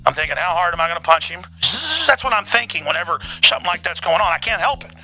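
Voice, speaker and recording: A man voicing a hot-headed, excitable young male caller in a comedy call-in sketch. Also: high-pitched, soft background music, pitched above the performer's own voice, exaggerated voice, rough recording. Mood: worked up. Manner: rapid and excitable.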